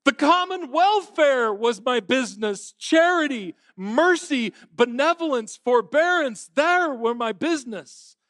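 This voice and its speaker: A remorseful male ghost , as a preacher puts him on, cries out his regrets in a high, strained, drawn-out shriek. Each word is stretched slow and pleading, dry and close with no room sound. It is a dramatic reading from a storybook scene. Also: lively intonation, a bit bright, no room sound, full character voice. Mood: anguished shrieking.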